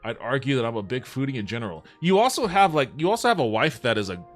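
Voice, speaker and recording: A man casually chatting with his viewers on a livestream, relaxed and profane, reading chat aloud and answering it. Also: mid-range voice, fast talker, soft background music.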